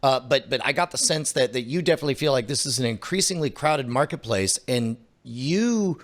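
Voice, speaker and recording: A man's voice: mid-range voice, animated. A man with a mid-range voice co-hosts a chatty streaming podcast. He talks in bursts, restarts his sentences and drops in jokes. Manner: jokey, halting, lots of restarts. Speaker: podcast co-host. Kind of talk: casual chat.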